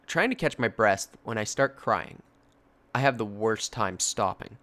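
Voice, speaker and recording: A man's voice: on the low side, expressive, unhurried, bright, forceful tone. A man casually narrating a story, swearing freely and breaking off for personal asides. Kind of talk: reading a story.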